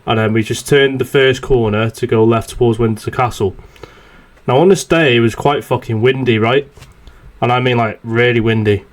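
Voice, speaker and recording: A man's voice: mid-range voice, steady tone, moderate pace. Sweary young man telling a story. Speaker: podcast host. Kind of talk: casual chat, swearing anecdote.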